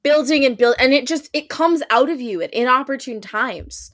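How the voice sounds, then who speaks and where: A woman's voice: high voice, dry recording, studio quality. A woman co-hosting a casual podcast chat, speaking earnestly and emphatically about how scenes make her feel. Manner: earnest, emphatic, slows down on feelings. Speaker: podcast co-host.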